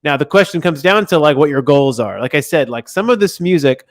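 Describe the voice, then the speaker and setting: A man's voice: fairly high pitch, lively intonation, a little fast, dry recording, studio quality. A man hosting a casual livestream, giving loose, rambling feedback on listeners' music. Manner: loose, rambling, frequent restarts and fillers.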